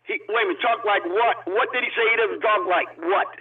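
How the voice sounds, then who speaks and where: A man's voice: high voice, brisk, slightly rough. A man calling in to a talk show, arguing methodically and lecturing the host. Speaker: caller. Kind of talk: heated call-in debate. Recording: distant tinny phone line.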